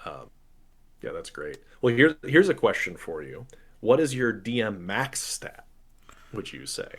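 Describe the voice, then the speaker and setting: A man with a fairly low voice talks about running tabletop games on a podcast. He is animated and self-mocking and laughs easily. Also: a little slow, husky. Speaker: game master, podcast speaker. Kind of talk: casual podcast chat.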